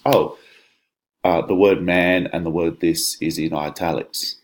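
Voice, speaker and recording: Man, very deep voice, casual exam-prep teacher. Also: moderate pace. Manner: conversational, explanatory, many fillers and restarts. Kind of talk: exam walkthrough lesson.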